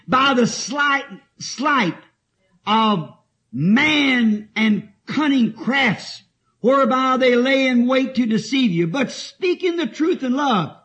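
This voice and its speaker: A man's voice: very high voice, fairly bright tone. A man preaching a sermon, reading scripture and telling stories in an emphatic way, often laughing. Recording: dull lo-fi old tape.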